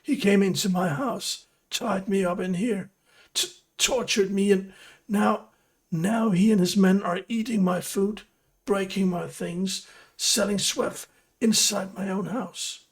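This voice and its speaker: A man's voice: sits high, fairly even intonation, takes it slowly, voice pushed up. A man with a Danish accent voicing a terrified, beaten male captive who sobs and begs for help. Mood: frantic. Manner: sobbing, begging, shaky.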